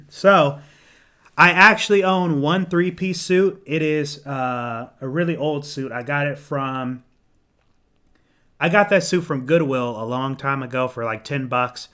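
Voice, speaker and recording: A young man casually answering viewer comments on a live stream, rambling with ums and restarts, clearing his throat and losing his voice. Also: a little high, measured pace, sharp tone. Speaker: menswear YouTuber hosting a live Q&A.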